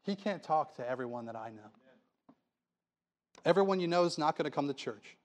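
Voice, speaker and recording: A man's voice: on the high side, expressive, a little fast. A man preaching a sermon in a church, pleading with the congregation through earnest rhetorical questions.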